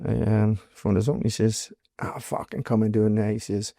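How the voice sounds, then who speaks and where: A man's voice: on the low side, flat delivery, moderate pace, gravelly, warm tone, no room sound, studio quality. Blunt Geordie man telling stories. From North East England. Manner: blunt storytelling, heavy swearing, acts out quoted dialogue. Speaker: guest, former doorman. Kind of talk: casual interview storytelling.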